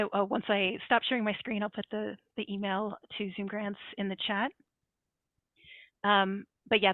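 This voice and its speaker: A woman's voice: medium pitch, no room sound. A woman presenting at an online information session, explaining practical steps in a plain way with frequent fillers. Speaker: grant program presenter. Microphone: video call. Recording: tinny phone-like line.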